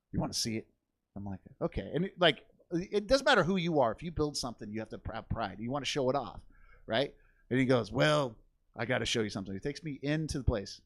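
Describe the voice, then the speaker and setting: On a comedy theater stage, a young man with a mid-range, somewhat bright voice tells a crude family story in his stand-up set, swearing freely and voicing impressions of the people involved. The audio has no echo.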